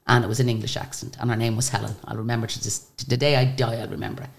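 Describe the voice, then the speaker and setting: A woman's voice: rumbling low, level tone, rapid-fire, vocal fry. An Irish woman, a guest in a casual interview, tells a long story in a chatty way, with restarts and asides, and acts out the people she quotes.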